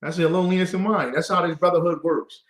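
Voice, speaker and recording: A man teaching a scripture class to a group, lively and conversational, acting out the voices he quotes. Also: fairly high pitch, fast, echoey room. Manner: lively, call-and-response, acts out quoted voices.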